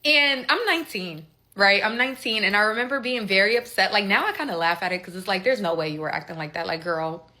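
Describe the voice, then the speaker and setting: A woman's voice: medium pitch, lively intonation, quick pace, few pauses, pushed and bright. A young woman casually telling a personal story, candid and conversational, acting out quoted dialogue as she goes.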